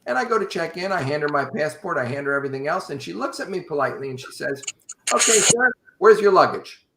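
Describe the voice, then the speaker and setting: A man casually telling a long travel story to a podcast host in an animated, wry way. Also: on the high side, rapid-fire, vocal fry, background noise. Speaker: podcast guest. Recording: roomy echo.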